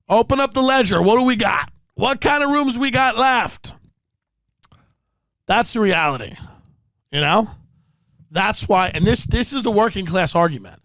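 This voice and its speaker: A man's voice: high-pitched, fairly bright tone, no echo. A man hosting a podcast, delivering a sarcastic, profane comedic rant. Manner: sarcastic, profane, impersonates people mid-rant. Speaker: podcast host.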